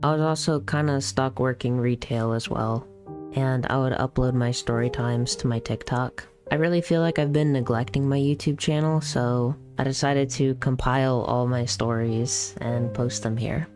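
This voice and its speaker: A woman telling retail work stories in a blunt, sassy, deadpan way, with music underneath. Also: extremely low pitch, moderate pace. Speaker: storytime vlogger. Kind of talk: storytime narration. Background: background music.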